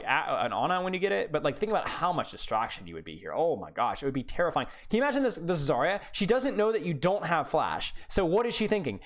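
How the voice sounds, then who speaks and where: A game coach reviewing a player's match live on stream, blunt and sarcastic, often repeating words while thinking aloud. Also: medium pitch.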